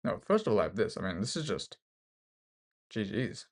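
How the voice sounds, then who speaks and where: A slightly mellow, lowish male voice with a sing-song lilt and normal pace, over faint background noise. The Australian chess streamer thinks aloud during online play, his casual commentary full of jokes at his own expense.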